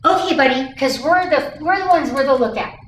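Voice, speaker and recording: A woman dog trainer giving a hands-on lesson, explaining calmly and coaxing the dog with upbeat praise. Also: high-pitched, a little fast. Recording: distant, echoey, faint noise.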